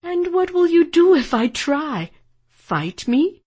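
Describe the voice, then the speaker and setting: A woman reading a cold, menacing gentleman kidnapper in an audiobook, speaking in a bored, threatening drawl. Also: extremely high pitch, sing-song, slow, voice pushed up, full character voice. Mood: cold menace.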